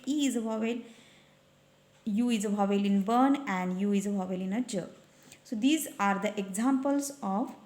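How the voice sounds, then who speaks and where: A woman teacher, slowly explaining a textbook page and spelling out letters. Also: mid-range voice. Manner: slow, patient, spells out letters. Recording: echoey room.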